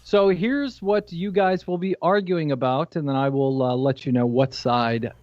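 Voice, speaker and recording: A man's voice: fairly high pitch, fairly even intonation, normal speed, a little mellow, dry recording, highs cut off. A man co-hosting a podcast in casual chat, telling stories with a laugh. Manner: jokey, laughs at his own stories. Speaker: podcast co-host.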